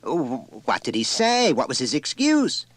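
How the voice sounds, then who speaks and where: A man's voice: medium pitch, wildly swooping pitch, unhurried, dry recording, voice pushed up. A man voicing a proud, well-bred mother who answers in a chilly, indignant, emphatic way, in a dry audiobook reading. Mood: haughty. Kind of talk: audiobook character voice.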